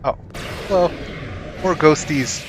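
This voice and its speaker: A man streaming a game, chatting casually, reacting excitedly and reading game text aloud. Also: fairly high pitch, slow, noisy background. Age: adult, not young. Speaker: gaming streamer. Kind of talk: casual let's-play commentary.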